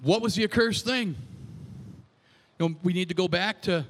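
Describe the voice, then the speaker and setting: A man preaching a sermon and reading scripture, swinging between shouted passages and hushed, quiet ones. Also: high-pitched, normal speed, big-room sound, slight background noise.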